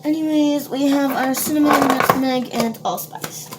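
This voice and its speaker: Her high voice holds a steady tone at normal speed as this Minnesota home baker chats casually with viewers during her vlog. She rambles with lots of fillers, and the very noisy recording is full of clattering dishes and cutlery.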